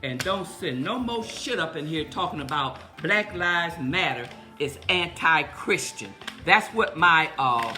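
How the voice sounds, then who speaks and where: Brief: heated middle-aged woman, bright high voice, fast outbursts, music faint behind. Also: expressive. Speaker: vlogger on live video. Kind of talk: casual live-stream chat.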